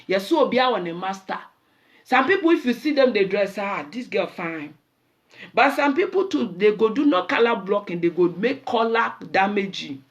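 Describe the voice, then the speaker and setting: A woman with a Nigerian accent hosting a show, telling animated stories in a casual monologue and slipping into pidgin. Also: fairly high pitch, normal speed, dull audio. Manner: animated storyteller mixing in pidgin. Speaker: show host.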